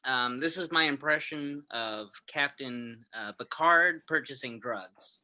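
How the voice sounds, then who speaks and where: A man doing a stand-up comedy set, halting and self-amused, with many restarts. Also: mid-range voice, sharp tone, poor audio.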